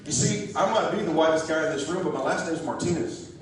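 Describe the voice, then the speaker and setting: A political candidate delivers a folksy, joking, rousing campaign speech to a crowd in a church hall. His voice is on the high side and quick, picked up by a distant mic in an echoey room.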